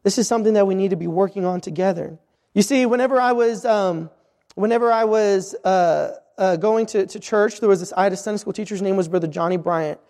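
Earnest high-voiced man preaching in a reverberant hall. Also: a little fast, a little mellow. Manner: earnest, repetitive, with frequent restarts. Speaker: missionary preacher. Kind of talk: sermon.

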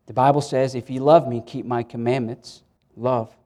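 A man's voice: medium pitch, steady tone, moderate pace, mellow. A middle-aged man preaching a sermon as pastor, impassioned and acting out prayers and quotes, often stammering as he restarts.

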